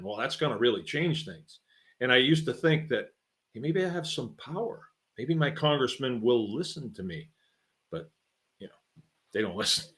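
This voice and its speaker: A man's voice: on the low side, sharp tone. Folksy middle-aged man talking plainly. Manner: folksy, conversational, rambling with many fillers. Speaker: podcast host and farmer. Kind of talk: casual monologue.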